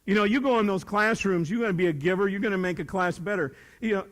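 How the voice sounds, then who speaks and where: Fast-talking and high-pitched, an older motivational speaker gives a leadership speech to young people, his words trailing off into a long reverb. He's emphatic and joking, and he keeps returning to key phrases like a preacher.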